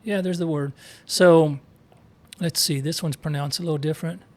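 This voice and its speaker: A man's voice: on the high side, fairly even intonation, moderate pace. Man reading and explaining scripture. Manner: reads verses aloud, sounds out Hebrew words, explains with asides. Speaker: co-host teaching scripture. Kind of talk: casual Bible study discussion.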